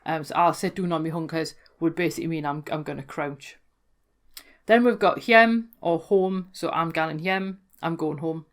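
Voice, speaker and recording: A woman's voice: deep voice, normal speed. A woman with a Geordie accent, explaining local dialect words in a chatty, amused way that often corrects itself. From North East England. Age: adult, worked in London before. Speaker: folklore blogger explaining dialect. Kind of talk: casual educational talk.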